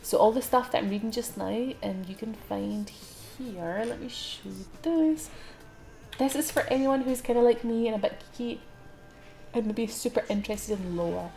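Giggly Scottish woman with a gravelly edge. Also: on the high side, normal speed. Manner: giggly, laughs often, chatty and excitable. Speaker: live streamer. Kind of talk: live game stream commentary.

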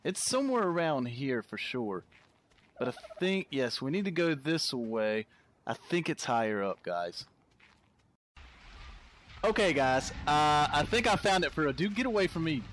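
A man's voice: a little high, very animated, unhurried, long pauses, a bit bright, slight background noise. A man giving casual let's-play commentary, chatting to his viewers and easily startled into yelps and laughs. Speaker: gameplay commentator.

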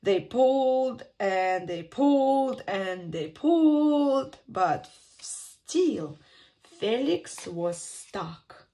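Slow, expressive woman reading a storybook. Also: mid-range voice. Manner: slow, expressive, sing-song storytelling with dramatic pauses. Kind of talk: children's picture-book read-aloud.

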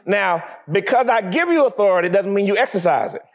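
A man preaching a sermon, acting out little scenes with laughter and sudden shouts. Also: high-pitched, fairly quick. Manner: animated, acts out scenes, laughs often. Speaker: pastor.

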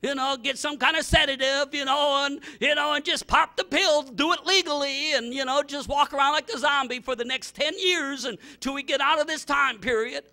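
High, bright-voiced fervent male pastor. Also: normal speed, few pauses. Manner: fervent, repetitive, with sudden loud outbursts. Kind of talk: sermon.

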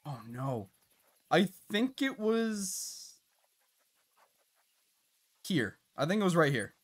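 A chatty male game streamer talking his viewers through a hunt. His voice sits a little high and swings widely in pitch, jumping up when something surprises him. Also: very animated, takes it slowly, slightly rough. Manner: chatty, reacts loudly with laughs and gasps. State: out of breath at times. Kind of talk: live gameplay commentary.

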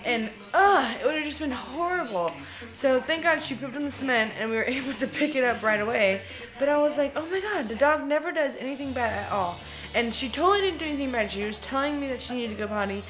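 A woman's voice: sits high, animated, quick pace. A young woman in her twenties telling a story in a casual daily vlog, chatty and full of fillers. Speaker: vlogger.

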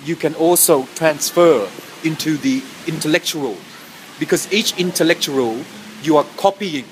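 A man's voice: on the high side, measured pace, a little hiss or hum, rough recording. A man talking to camera outdoors, rambling through invented technical jargon and stopping often to correct his own words. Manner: rambling, self-correcting, meows between phrases. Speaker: vlogger. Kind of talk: rambling pseudo-technical monologue. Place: outdoors in wind.

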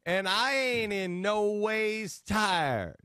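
A man doing a slow mocking drawl of a woman. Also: high-pitched, animated, pushed and bright, smooth, no room sound, studio quality, voice pushed up, heavily acted. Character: mocking impression of a woman politician drawling a hymn.

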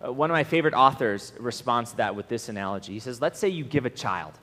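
A man giving a conversational sermon at a camp, telling stories in an animated way and acting out the voices he quotes. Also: medium pitch, fast. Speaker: camp speaker, preacher. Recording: long hall reverb.

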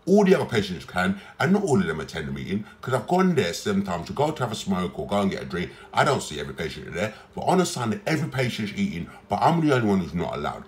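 A man's voice: fairly low pitch, big pitch swings, quick pace, hardly any pauses. A man, a patient on a psychiatric ward, recording a personal complaint, talking emphatically and repeating himself.

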